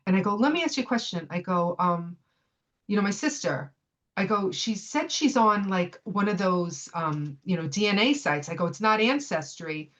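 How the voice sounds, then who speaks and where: A woman's voice: mid-range voice, normal speed. A woman in her fifties, a podcast guest from the United States, telling a personal story in casual conversation. She tells it with energy and acts out the lines of the people in it. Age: 50s. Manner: animated retelling, acts out what others said.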